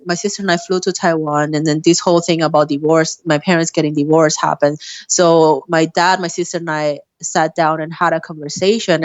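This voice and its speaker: A woman's voice: low voice, no room sound. A woman guest candidly telling a personal story in a casual interview, often laughing between sentences. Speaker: podcast guest. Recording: dull lo-fi dry sound.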